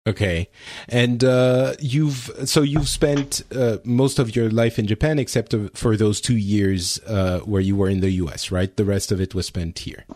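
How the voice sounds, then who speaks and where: A man's voice: fairly low pitch, steady tone, a little slow, a little mellow, no room sound. A man from France, hosting a podcast in casual chat with many restarts and fillers. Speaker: podcast host.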